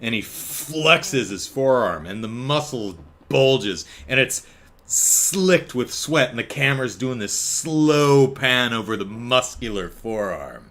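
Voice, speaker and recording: A man's voice: medium pitch, animated, slow pace, fairly bright tone. A man hosting a casual solo podcast from home, telling stories in a wry, chuckling way with lots of restarts. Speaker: podcast host. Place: home, apartment.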